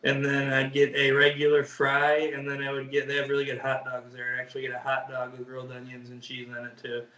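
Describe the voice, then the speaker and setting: A man's voice: mid-range voice, completely flat delivery, fairly quick, hardly any pauses, sharp tone, distant mic. Easygoing young man in an echoey room. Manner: easygoing, hesitant with fillers. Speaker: bodybuilder guest. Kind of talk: casual interview chat.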